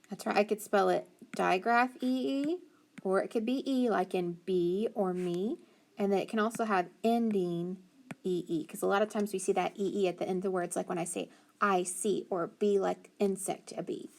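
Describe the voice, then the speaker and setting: A woman teaching a phonics lesson to children, slowly sounding out letters and praising answers. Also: medium pitch, creaky. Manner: slow, encouraging, sounds out letters.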